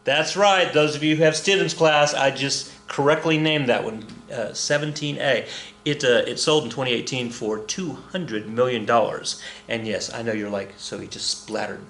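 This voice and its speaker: A man's voice: medium pitch, normal speed, a bit bright, reverberant, a little hiss or hum. A man in his fifties teaching a casual history lesson, chatty and joking, with frequent self-corrections.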